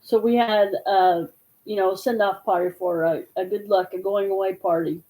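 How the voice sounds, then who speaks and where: A woman's voice: mid-range voice, steady tone, moderate pace, mellow, low-quality recording. Rambling woman in casual chat. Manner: rambling, trailing off, laughing easily.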